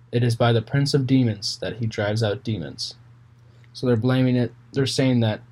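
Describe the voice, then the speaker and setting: A man's voice: mid-range voice, darkish tone. A man reading Bible passages aloud, then explaining them in plain, casual words with fillers and small restarts. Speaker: Bible reader and commentator. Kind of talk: casual scripture reading with commentary.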